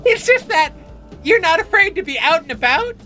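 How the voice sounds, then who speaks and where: A woman's voice: very high-pitched, big pitch swings, normal speed, sharp tone, faint music behind, pitched above the performer's own voice, heavily acted. A woman streamer voicing a mouse faunus girl from a video game in a ditzy valley-girl drawl full of "like" fillers. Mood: breathless gossip.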